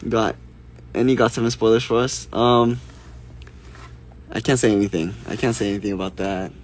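A man casually answering fan questions on a live stream, soft-spoken and unhurried, reading questions aloud before he replies. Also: lowish voice, little pitch movement, slight background noise.

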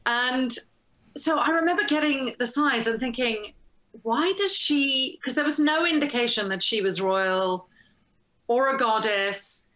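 A woman actress telling a casual story as an interview guest, animated and acting out the lines she quotes, over a video call. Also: on the high side, unhurried. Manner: animated, laughs often, acts out quoted lines. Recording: roomy echo.

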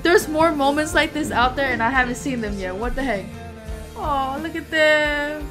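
High-voiced gushing young woman reactor. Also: moderate pace, music in the background. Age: about 20. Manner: excitable, gushing, lots of "bro" and "oh my God". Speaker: YouTube reactor. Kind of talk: reaction video commentary.

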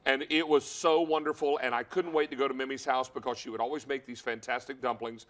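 A man's voice: mid-range voice, steady tone, fairly quick, a bit bright. A man with a Southern American accent hosting a home shopping show, enthusiastic and folksy, telling stories as he sells. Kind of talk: upbeat home shopping presentation.

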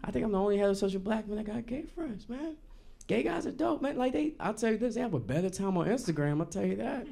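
A male stand-up comic works a live room through a handheld stage mic, loose and slangy, jumping in and out of little character voices. His voice sits a bit high with a gravelly edge. His pitch swings widely as he builds each bit. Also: fast. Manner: animated, acts out characters in quotes, loose slangy delivery. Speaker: stand-up comedian. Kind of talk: stand-up comedy set. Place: live venue stage with audience.

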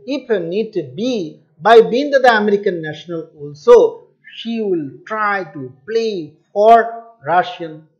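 High-voiced teacher explaining. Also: male voice. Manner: repeats words, spells out terms, asks and answers his own questions. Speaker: English teacher. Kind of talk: classroom lesson explaining a textbook. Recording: dull lo-fi recording.

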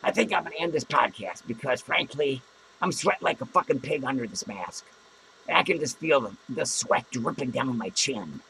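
A man playing a gravelly, drunk, foul-mouthed clown. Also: mid-range voice, animated, normal speed, slight background noise, poor audio. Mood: boozy rambling. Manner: rambling, profane, self-mocking, with loud cackling laughs. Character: crude rambling drunk male clown. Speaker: podcast host. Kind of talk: comic in-character podcast rant. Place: small podcast studio.

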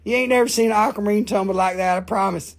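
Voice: medium pitch, fairly even intonation, fast. A host selling rocks on a casual live sales show, joking and swearing as they go. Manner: joking, profane, rambling. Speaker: live-stream rock and mineral seller. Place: family rock shop.

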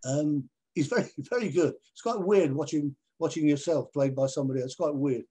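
A man, a television presenter, telling anecdotes in an animated way over a video call and acting out other people's voices. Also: fairly high pitch, brisk, husky. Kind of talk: anecdotal storytelling in a conversation.

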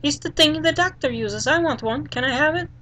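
A small boastful boy from a video game, as a gamer puts him on, piping up high and eager. He talks in a chirpy, childish way, insisting he is brave. His lines come in short excited bursts. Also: fairly quick, a little hiss or hum. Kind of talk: reading game dialogue aloud.

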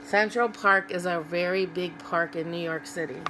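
A woman's voice: fairly low pitch, fairly even intonation, moderate pace, sharp tone, slight background noise, low-quality recording. A woman reading a picture book aloud to children, stopping to ask young listeners about the pictures. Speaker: children's read-aloud host.

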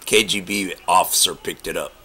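A man making a prank call, rambling and joking in a deadpan way. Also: low voice, normal speed, breathy edge. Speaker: comedy prank caller.

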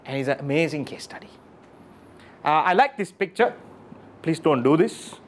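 A motivational speaker addresses a live audience in an animated, emphatic way. His pitch swings widely as he fires questions at the room and repeats his key phrases. Faint room ambience sits behind his voice. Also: moderate pace, slight background noise.

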